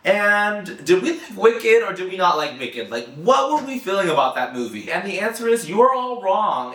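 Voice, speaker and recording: A man with a raspy voice from being sick, chatting about pop culture in a sassy, theatrical, opinionated way. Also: high-pitched, fairly bright tone, reverberant. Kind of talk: casual chatty commentary.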